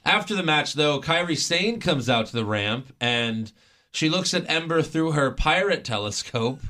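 A man's voice: on the high side, lively intonation, normal speed, sharp tone. A man co-hosting a podcast, recapping wrestling matches in casual chat, laughing often and joking as he goes. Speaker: podcast co-host.

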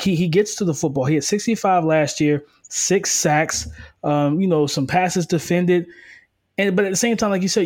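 A man co-hosting a casual sports podcast, giving energetic, quick football breakdowns with frequent restarts. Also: high voice. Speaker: co-host, football analyst. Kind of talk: casual sports analysis chat.

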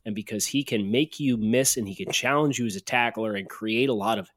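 A man's voice: on the low side, fairly quick, fairly bright tone, no room sound, studio quality. A man co-hosting a sports podcast, chatting casually and breaking into heated, jokey rants. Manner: ranting, jokey. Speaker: podcast co-host.

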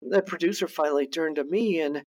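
A man's voice: a little high, brisk. A man, a guest on a podcast, tells a story in a casual way, often restarting and repeating his words. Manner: animated anecdote-teller who restarts and repeats words. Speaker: guest, TV producer and director.

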